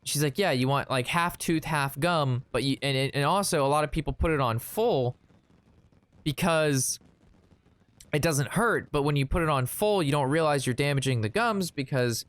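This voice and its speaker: A man chatting casually while playing a card game, retelling an anecdote in an animated, rambling way. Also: on the high side, normal speed, dry recording. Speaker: gaming streamer. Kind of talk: casual gameplay commentary with storytelling.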